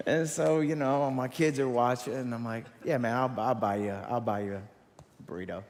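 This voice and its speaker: A man preaching as a campus pastor, telling a story in an animated, self-mocking way. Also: medium pitch, normal speed, pauses often. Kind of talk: sermon storytelling. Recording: long hall reverb.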